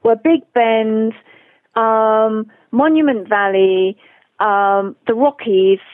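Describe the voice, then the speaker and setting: A woman with an English accent, a guest author telling her riding adventures in a lively, animated way, acting out the people she quotes. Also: fairly high pitch, slow, no room sound. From England. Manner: animated storyteller who acts out quoted voices. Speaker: guest, author and long-distance horse rider. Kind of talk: casual storytelling interview. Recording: tinny phone line.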